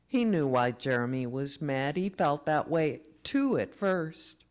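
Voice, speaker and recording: Slow, expressive storybook reader. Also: mid-range voice. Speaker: reader at a memorial service. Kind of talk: reading a children's story aloud.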